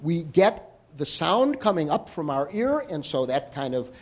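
Animated lecturing man, high lively voice. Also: a little slow. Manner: animated, explanatory, joking asides. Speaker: hearing health lecturer. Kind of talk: live talk to an audience.

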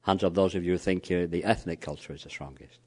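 A man's voice: deep voice, quick pace, mellow, breathy edge. A man lecturing a live audience on cross-cultural communication, telling anecdotes, peppering his talk with "you know" and quizzing the room. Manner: frequent "you know" fillers.

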